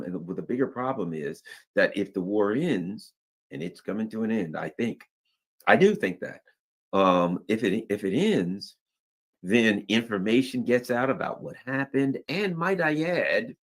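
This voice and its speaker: A man's voice: on the low side, breathy edge. A man hosting casual political commentary, rambling with asides and briefly acting out the people he quotes. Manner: animated, acts out quoted voices, rambling asides.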